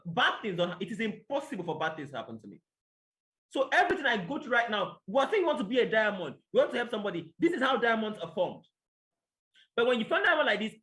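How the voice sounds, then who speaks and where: Fast, bright man telling a story. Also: high voice. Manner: animated storytelling, acting out exchanges with God. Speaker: motivational speaker. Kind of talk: testimony talk to an audience.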